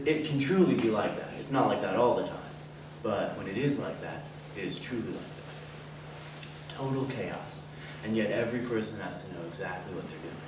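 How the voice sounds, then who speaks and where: A man plays an earnest emergency department worker explaining the job in an everyday voice. The sound is distant and heavily reverberant, with clear background noise. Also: medium pitch, close to an everyday voice. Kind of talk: stage monologue. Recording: very echoey, far off, noisy.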